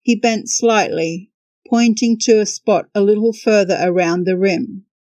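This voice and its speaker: Slow, wry woman telling a travel story. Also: mid-range voice, darkish tone, no echo. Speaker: podcast host and storyteller. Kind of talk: scripted travel narration.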